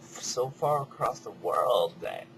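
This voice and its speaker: A man rambling in a casual, reflective monologue, swearing freely and drifting between soft mutters and louder bursts. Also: medium pitch, sing-song, slow, vocal fry, noisy background. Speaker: vlogger.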